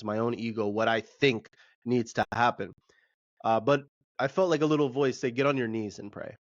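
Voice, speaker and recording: A man's voice: on the low side, no room sound, muffled recording. A man on a podcast who leads breathwork sessions, telling a story in an earnest, reflective way with many fillers. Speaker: podcast co-host and breathwork facilitator. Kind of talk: casual storytelling.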